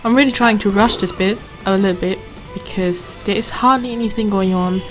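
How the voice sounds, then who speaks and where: A woman's voice: mid-range voice, a little fast. A woman hosting a let's play, talking casually over her gameplay in chatty, rambling asides that she often restarts. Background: game music and sound.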